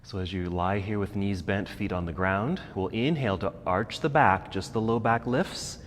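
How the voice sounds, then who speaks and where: A man teaching a yoga class with calm, encouraging step-by-step cues. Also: on the low side, moderate pace. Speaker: yoga instructor. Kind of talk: guided yoga class instruction. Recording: echoey room with faint background noise.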